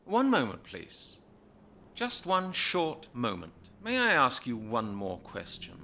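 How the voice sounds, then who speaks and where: A man's voice: medium pitch, huge pitch swings, slow, vocal fry, bright, forceful tone, a little hiss or hum, heavily acted. A man voicing a defiant male adventurer held captive in a video game, speaking plainly. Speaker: game protagonist.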